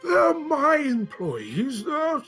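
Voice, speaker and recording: A man's voice: extremely high pitch, huge pitch swings, drawn-out words, bright, forceful tone, faint music behind, voice pushed up, full character voice. A man voicing Samuel, a flustered male companion protesting in a tabletop game.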